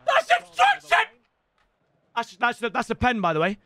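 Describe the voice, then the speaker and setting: A young man streaming a football game, loud and excitable, breaking into shouts. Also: very high-pitched, quick pace, slight background noise. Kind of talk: excitable gaming livestream.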